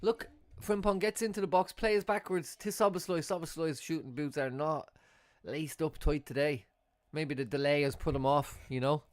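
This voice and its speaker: Young male streamer, live watchalong commentary, voice sits a touch high, dry room, excitable with sudden shouts and swearing. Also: moderate pace, dry recording. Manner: excitable, swears, jumps to loud outbursts. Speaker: fan streamer.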